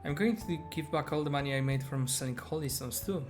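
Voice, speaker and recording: A man's voice: on the high side, fairly quick, lightly acted. A man reading aloud the lines of an earnest, remorseful young female fortune teller from a game, in his own plain voice, with game music playing behind.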